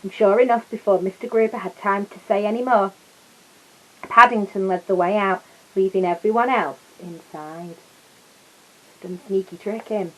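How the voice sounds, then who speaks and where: Woman reading a kids picture book out loud, gentle, chats to the kids in between. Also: mid-range voice, steady tone, moderate pace, rough recording. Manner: gentle, adds asides to listeners. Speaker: storyteller.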